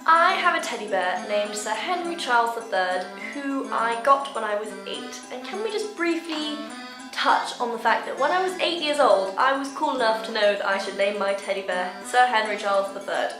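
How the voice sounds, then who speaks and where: This young adult vlogger from Hawaii talks to camera in a light, bubbly, self-mocking way. Her voice is slightly high, with lively intonation at a normal speed, set against roomy echo and quiet background music.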